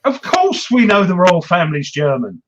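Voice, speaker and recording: A man's voice: high-pitched, huge pitch swings, normal speed, background noise. A man hosting a wargaming chat show, rambling and self-mocking as he talks through his games. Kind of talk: casual chat.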